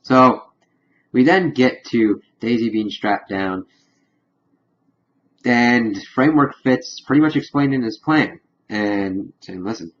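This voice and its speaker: A man giving a casual spoiler review of a TV episode, rambling and excitable as he retells scenes with quick paraphrased quotes. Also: fairly low pitch, muffled recording, a little hiss or hum.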